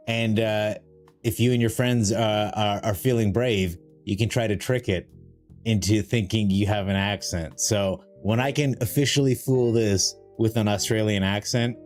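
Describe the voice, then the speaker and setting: Rambling, jokey man streaming a card game. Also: darkish tone. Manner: rambling, jokey, self-mocking; greets viewers in a high sing-song voice. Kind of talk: casual live-stream chat. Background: faint music.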